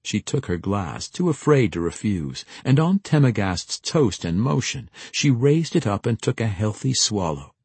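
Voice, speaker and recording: A man narrating a fantasy audiobook with expressive storytelling. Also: on the low side, unhurried, hardly any pauses, slightly rough, no echo.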